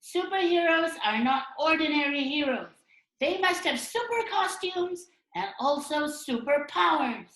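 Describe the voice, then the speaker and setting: Man doing a squeaky cartoon food character. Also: lively intonation, measured pace, sharp tone, reverberant, full character voice. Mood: teasing. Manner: high, squeaky and sing-song.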